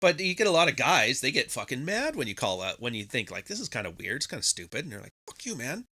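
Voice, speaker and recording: A man's voice: medium pitch, big pitch swings, quick pace, bright, forceful tone. A man hosting a podcast, talking casually in a profane, sarcastic monologue, often mimicking people mockingly. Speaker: podcast host.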